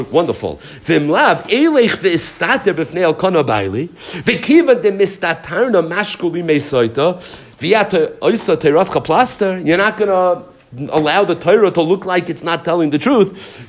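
A man teaching a Talmud class in an animated lecture style, weaving Hebrew and Aramaic terms into English explanations. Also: fairly high pitch, slight background noise.

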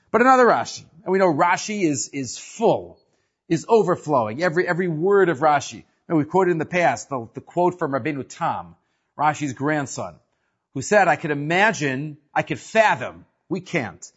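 A man's voice: fairly high pitch, husky, dull audio. A man teaching a Torah class, explaining commentary with rhetorical questions and repeated phrases.

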